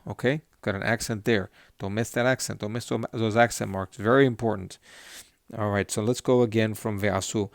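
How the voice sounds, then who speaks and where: Male teacher, smooth voice, dry close sound; patient and encouraging, slow chanted lines broken up by quick explanations. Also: on the low side, fairly even intonation, no echo. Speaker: Hebrew cantillation teacher. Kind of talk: online lesson, chanting and explaining.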